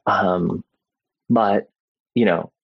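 Speaking very slowly in a low, steady, creaky and slightly rough voice, a father gives a relaxed Bible teaching, checking in with "right?" and leaning on "like" and "you know." The adult man is recorded in lo-fi audio with no echo.

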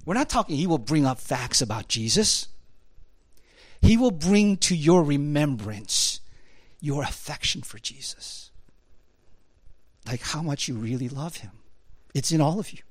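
Male preacher, middle-aged, casual sermon delivery, slightly high voice, swings up loud on emphasis, dry close mic. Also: animated, measured pace, pauses often, dry recording. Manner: conversational, peppers talk with "right?" and "you know".

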